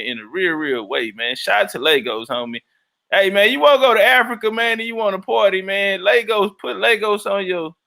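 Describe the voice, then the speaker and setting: Male livestream host, profane rambler, reads the chat aloud, high and bright.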